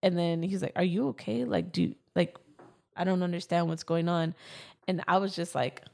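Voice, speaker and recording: A woman's voice: lowish voice, steady tone, normal speed, creaky, darkish tone. A woman in her twenties telling a personal story in casual chat, with lots of fillers.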